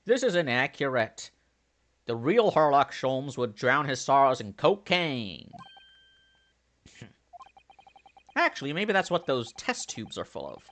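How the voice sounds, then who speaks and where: A man's voice: medium pitch, very animated, measured pace, long pauses, a bit bright. A man casually commenting while playing a game, joking and swearing as he reads along. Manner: joking, swearing, loose and chatty. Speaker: let's play host.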